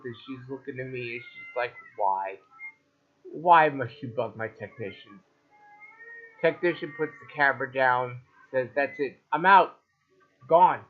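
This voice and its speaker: A man doing stand-up, telling wry stories about doctor visits and voicing the people in them. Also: medium pitch. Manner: wry, deadpan storytelling with acted-out quotes. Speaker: stand-up comedian. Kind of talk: stand-up storytelling. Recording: tinny phone-like live video with faint music.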